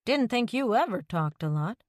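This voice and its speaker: Woman reading as a mischievous younger brother, teasing and jokey, voice pitched up and lively compared with her narration, close and dry. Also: normal speed, no echo.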